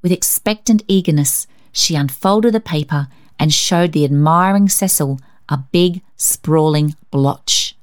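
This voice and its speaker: Woman reading a kids' story, gentle, kinda low voice. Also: measured pace. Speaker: reader. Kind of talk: storybook narration.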